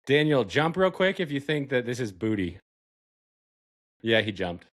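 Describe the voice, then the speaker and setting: A man's voice: mid-range voice, big pitch swings, measured pace, fairly bright tone. A young man hosting a casual podcast, teasing his guest with crude jokes and frequent laughter. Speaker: podcast host. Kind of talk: casual chat.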